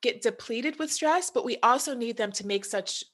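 A woman's voice: a little high, normal speed, fairly bright tone. A woman in her thirties or forties from the United States, a health coach talking earnestly with many "you know"s in a casual podcast chat.

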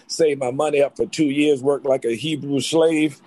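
A man from North Carolina, an actor, telling his life story in an interview with rapid, excitable talk full of restarts. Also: mid-range voice, no room sound. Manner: rapid, excitable, jumps back and forth with restarts.

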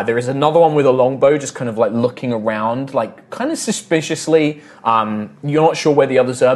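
A man running a tabletop game as game master, narrating scenes in detail with lots of casual fillers. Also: medium pitch. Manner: descriptive, full of "like" fillers.

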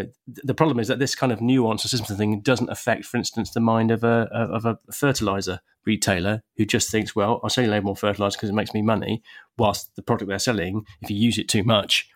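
A man on a casual podcast, explaining ideas step by step. He is thoughtful and talks through figures. He restarts his sentences often. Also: mid-range voice. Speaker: podcast panelist.

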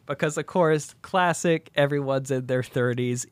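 A man in his thirties casually pitching a movie plot, acting out the characters' lines as he goes. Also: clean tone, no room sound. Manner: animated storytelling, quick quoted voices. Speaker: podcast co-host pitching a movie idea. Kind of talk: casual chat, acting out scenes.

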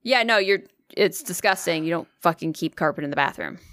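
A woman's voice: on the low side, lively intonation, brisk, fairly bright tone, no room sound. A young woman co-hosting a casual podcast, teasing her partner, laughing often and swearing casually. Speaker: podcast co-host.

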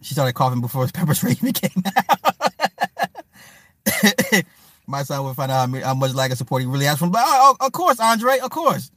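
Very animated and bright, this man's high-leaning voice sounds pushed as he hosts a livestream at a moderate pace. He riffs with loose, profane jokes and answers viewers by name in casual chat, on a dry recording.

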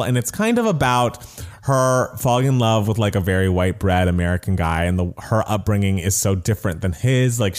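A man co-hosting a casual podcast, chatty and animated, laughing often as he talks about movies and music. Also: low voice, clear, resonant tone. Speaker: podcast co-host.

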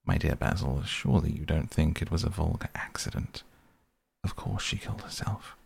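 A man reads a vain young gentleman who waves off grief in an airy, dismissive way. The voice is low and gravelly, with a husky edge, the reader's own, in a bedtime storybook. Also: normal speed, no echo, heavily acted. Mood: languid, dismissive.

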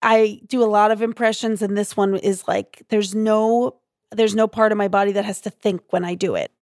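A young adult woman, a comedian guest, telling stories in animated, casual chat full of "like". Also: mid-range voice, normal speed, dry recording, clean studio sound. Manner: animated, filler-heavy storytelling with lots of "like".

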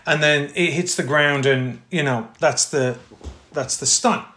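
A man, an actor telling anecdotes in a casual interview, animated and full of fillers, acting out quotes. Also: on the high side, a little slow. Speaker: actor guest. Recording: echoey room.

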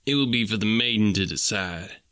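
A man's voice: on the low side, a little fast, bright, forceful tone, clear, resonant tone, no room sound, clean studio sound. A man voicing a sanctimonious young male suitor with a nasal, preachy, smirking way of talking.

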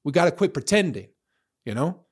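A man's voice: on the high side, sing-song, brisk, darkish tone, breathy edge. A man ranting to his social media followers in a heated, profane, rambling monologue.

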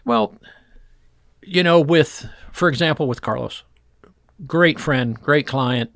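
A man who works as a fishing guide, telling old stories in a relaxed interview and acting out the voices of people in them. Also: on the high side, takes it slowly, gravelly, dry recording, studio quality. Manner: animated storyteller acting out voices in quotes. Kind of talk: storytelling interview chat.

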